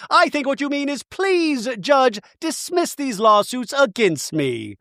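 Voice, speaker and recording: A man doing a taunting high woman. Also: sing-song, takes it slowly, fairly bright tone, dry recording, clean studio sound, heavily acted. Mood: mocking. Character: woman reality star, sharp and mocking.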